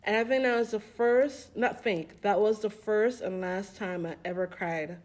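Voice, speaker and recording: A woman on a podcast, telling personal stories in a casual, animated way and acting out what people said. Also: medium pitch, measured pace. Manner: animated storytelling, acting out quoted voices with laughs. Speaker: podcast co-host.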